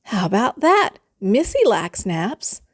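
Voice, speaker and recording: A woman's voice: mid-range voice, very animated, slow, breathy edge, heavily acted. A woman voicing an earnest, literal-minded housekeeper in a children's storybook, with a chirpy, matter-of-fact manner. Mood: cheerful, stubborn. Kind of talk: storybook character voice.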